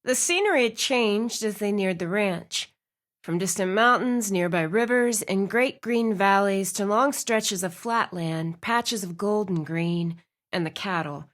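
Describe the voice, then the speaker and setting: Woman, audiobook narrator, scripted narration, expressive, mid pitch. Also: a little slow.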